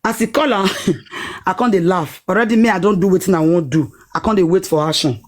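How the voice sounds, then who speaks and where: A woman with a Nigerian Pidgin accent telling a personal story in a lively, dramatic way, acting out what people said. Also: fairly low pitch, brisk. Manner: animated, dramatic retelling with acted-out quotes.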